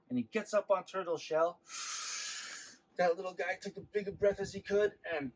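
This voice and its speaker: A man telling a traditional legend to schoolchildren in an animated, expressive way. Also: sits high, moderate pace, slight background noise, low-quality recording. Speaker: storyteller.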